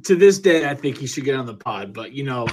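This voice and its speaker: A man in his twenties hosting a podcast, chatting casually and telling animated stories full of quoted voices. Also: mid-range voice, a little fast, background noise. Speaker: podcast host.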